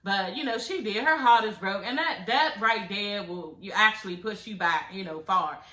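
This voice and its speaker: A woman's voice: medium pitch, moderate pace, sharp tone, echoey room. A woman recapping a reality show in casual, blunt, profane chat, laughing as she talks.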